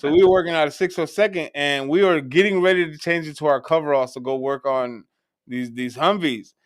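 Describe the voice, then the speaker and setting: A man co-hosting a casual talk show, telling a relaxed army memory and quoting the people in it. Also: on the high side, brisk, dry recording, clean studio sound. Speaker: podcast co-host. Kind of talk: casual storytelling chat.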